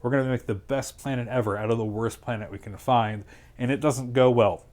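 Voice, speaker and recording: Male streamer host, mid-pitched, dry and sarcastic, loose rambling delivery. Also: fairly even intonation, darkish tone. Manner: sarcastic, rambling plot retelling with quick quoted asides. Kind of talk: casual chat.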